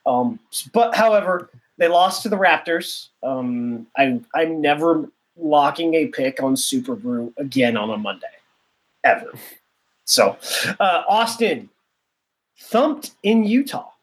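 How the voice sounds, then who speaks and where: A man's voice: a little high, animated, slow. A man co-hosting a casual podcast, rambling and opinionated with a joking edge. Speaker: podcast co-host.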